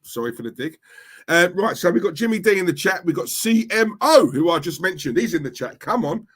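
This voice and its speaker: Male live stream host, slightly high voice, chatty and upbeat with shout-outs. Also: sing-song, a little fast, slightly rough. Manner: chatty, shouting out viewers by name. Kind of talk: casual live stream chat.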